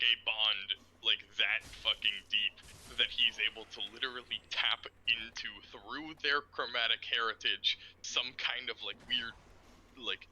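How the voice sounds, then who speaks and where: A man streaming a game, explaining plans in a rambling, profane, excitable way. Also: fairly low pitch, slight background noise, rough recording. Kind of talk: casual chat while gaming.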